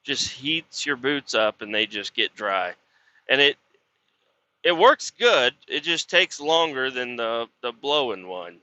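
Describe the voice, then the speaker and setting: A man who drives a truck rambles through a casual podcast monologue, grumbling and cursing about work. His voice is sharp and very bright. The recording is dry and dull, with a lo-fi edge. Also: medium pitch, very animated, takes it slowly, no room sound. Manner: profane, grumbling and frustrated, with many fillers. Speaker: truck driver hauling water; podcast host. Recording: dull lo-fi sound.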